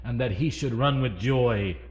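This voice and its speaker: A man preaching a sermon, swinging between loud emphasis and hushed asides and asking the congregation questions. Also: mid-range voice, unhurried.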